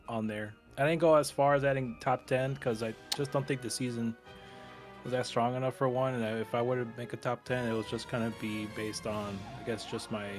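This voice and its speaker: A man co-hosting a podcast in casual chat, halting and repeating words as he thinks. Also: fairly low pitch. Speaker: podcast co-host.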